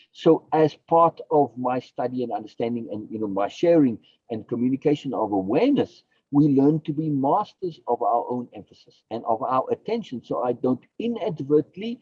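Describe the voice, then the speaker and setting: A man's voice: medium pitch, breathy edge, no echo, dull audio. A man, a philosophy guest on a podcast, explaining his ideas emphatically, repeating key phrases and asking and answering his own questions.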